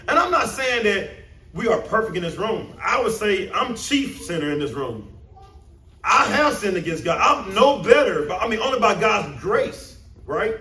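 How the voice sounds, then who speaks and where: A man preaching a sermon to a congregation, emphatic and animated, asking the room questions. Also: high-pitched, moderate pace. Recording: roomy echo, mic at a distance.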